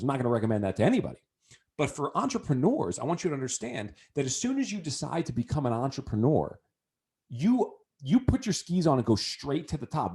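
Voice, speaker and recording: Animated man telling a story. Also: mid-range voice, breathy edge. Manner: animated, lots of fillers and restarts. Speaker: business coach speaking to entrepreneurs. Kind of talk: casual storytelling with a lesson.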